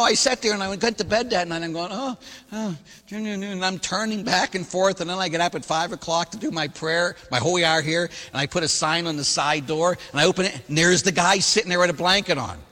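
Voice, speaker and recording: Priest preaching in a reverberant hall. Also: male voice, high voice, brisk. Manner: animated storytelling, voicing others in quotes. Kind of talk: sermon.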